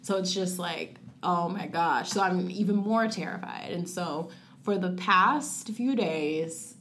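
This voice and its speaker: A young woman telling a personal story in a casual conversation, filling it with "like" and quoting her own thoughts, rushing some phrases and slowing on others. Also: fairly low pitch, a bit bright, a little hiss or hum. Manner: frequent "like" fillers, acts out her own past thoughts in quotes; rushes through phrases, then slows on key words. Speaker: guest sharing a personal story.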